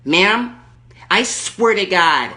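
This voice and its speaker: A man voicing an angry, entitled middle-aged woman on a prank phone call, loud and crude, talking over the other person. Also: high-pitched, sing-song, very slow, heavily acted. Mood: ranting.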